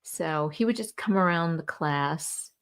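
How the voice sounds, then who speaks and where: A woman's voice: low-pitched, unhurried, a bit bright, smooth. A woman co-hosting a casual chat show over a video call. She is candid and swears, and she laughs often as she talks. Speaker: podcast co-host.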